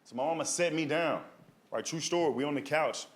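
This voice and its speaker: A man's voice: a little high, fairly quick. A male stand-up comedian telling rambling stories in a streetwise way on stage, with a handheld mic. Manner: streetwise, rambling, asks the crowd "you know what I mean". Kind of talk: stand-up storytelling. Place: comedy stage before a live audience. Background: audience laughter.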